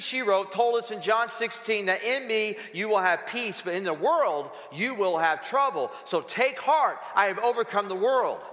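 A middle-aged man preaching a sermon, expressive, with playful storytelling asides. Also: sits high, long reverb tail. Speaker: pastor.

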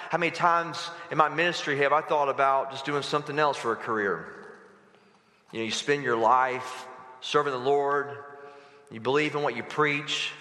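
Man, pastor, dramatic sermon, bright tense tone, echoey hall reverb. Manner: dramatic, swings between loud urging and hushed low delivery.

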